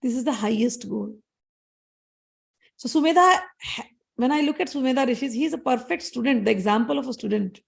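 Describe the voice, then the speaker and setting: A woman, a spiritual teacher who tells devotional scripture stories in an animated, expressive way. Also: a little high, gravelly. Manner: animated, expressive, chants Sanskrit verses rapidly.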